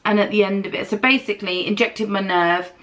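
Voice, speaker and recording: A woman's voice: medium pitch, steady tone, fairly quick, fairly bright tone. A British woman vlogging casually at home while doing her makeup, telling a long, candid story while recovering from dental treatment. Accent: British English. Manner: chatty, candid, rambling storytelling. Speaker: beauty vlogger.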